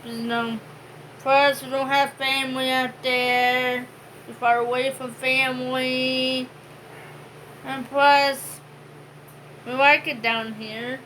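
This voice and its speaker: A woman's voice: sits high, level tone, slow, pauses often, a bit bright, a little hiss or hum, rough recording. A woman co-hosting a home vlog, chatting casually and rambling with many fillers. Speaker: vlog co-host. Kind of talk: casual chat.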